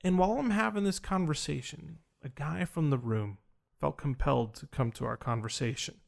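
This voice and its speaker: A man's voice: fairly high pitch, normal speed, creaky. A man telling a personal story in casual conversation, acting out the dialogue he quotes. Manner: animated, acts out quoted dialogue. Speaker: podcast host recounting an experience.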